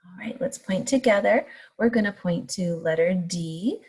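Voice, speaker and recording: Woman, kindergarten teacher, unhurried pace, soft husky tone, drawn-out letter sounds. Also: on the low side, expressive. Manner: slow, sing-song, stretching out letter sounds. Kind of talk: phonics lesson for young children. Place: home recording for distance learning.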